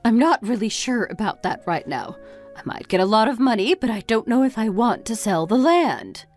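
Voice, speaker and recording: A woman's voice: a little high, very animated, normal speed, a little mellow, soft background music. A woman voicing an exasperated middle-aged mother who scolds her grown son with one reproachful question after another, read as a texting-story voice-over. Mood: dismissive.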